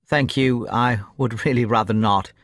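A man's voice: mid-range voice, fairly even intonation, unhurried, a bit bright, dry recording, clean studio sound, natural voice. A man voicing a nervous, querulous young man still weak from a long illness, speaking anxiously in an audiobook reading. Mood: gloomy.

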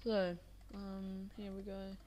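A woman's voice: mid-range voice, completely flat delivery, slow pace, mellow, a little hiss or hum. A tired young woman rambling casually over a game she is playing, drowsy, with many fillers. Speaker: Minecraft video maker. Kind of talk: casual gameplay commentary.

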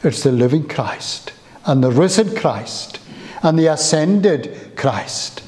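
A man preaching a sermon in a church. He takes his time, lingering on each phrase, and his fairly high voice climbs on the words he stresses. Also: expressive, a little mellow. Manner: slow, emphatic preaching with rising exclamations.

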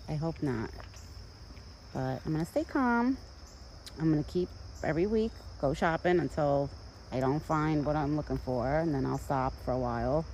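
A woman casually vlogging outdoors in a yard, rambling in a chatty way and cooing softly in a high voice to soothe her deer. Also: slight background noise, poor audio. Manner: rambling and chatty, full of "like" and "you know". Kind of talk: casual outdoor vlog chat. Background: crickets and outdoor nature sounds.

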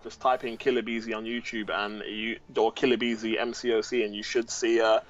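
A man's voice: on the low side, level tone, fairly quick, dull audio. A man co-commentating a game livestream in an easygoing way, reading viewers' chat aloud and bantering. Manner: easygoing, reads chat aloud, laughs often. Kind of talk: laid-back livestream banter.

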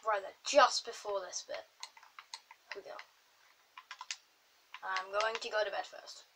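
A woman chatting through her game and talking to the animals in it, with sudden excited outbursts. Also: medium pitch, measured pace, gravelly, noisy background. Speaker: gamer. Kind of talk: casual gameplay commentary.

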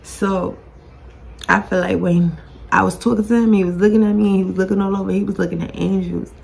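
A medium-pitched, creaky, slightly mellow voice moves fairly quickly but with a steady tone. Addressing her own camera, the podcast host pours out a blunt, grief-stricken vlog monologue on the verge of tears, full of swearing and repetition.

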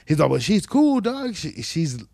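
A man's voice: fairly high pitch, measured pace, creaky, dry recording. A man hosting a podcast, telling profane stories and acting out the people in them. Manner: profane, animated storytelling, acts out quoted people. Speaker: podcast host. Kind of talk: casual chat.

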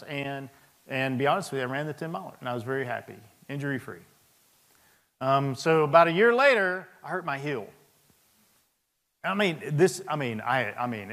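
A man's voice: mid-range voice, sharp tone. A man in his fifties, a senior army leader, telling personal anecdotes in a speech to an audience. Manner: storytelling, anecdotal, chuckling asides. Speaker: Sergeant Major of the Army. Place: large hall with audience. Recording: long reverb of a hall.

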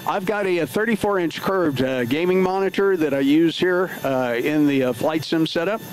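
A man's voice: fairly high pitch, moderate pace, slight background noise, rough recording. A man livestreaming from his home flight sim setup, talking casually through each step with lots of filler words. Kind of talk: casual live play-by-play narration.

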